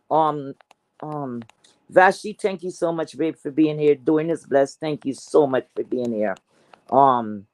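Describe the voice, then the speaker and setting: A woman with a Caribbean accent hosting a livestream, ranting hard, cursing and repeating herself, jumping between shouts and low mutters. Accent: Caribbean English. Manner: loud, cursing, repeats phrases, swings between yelling and muttering. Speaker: livestream host. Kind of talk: heated livestream rant.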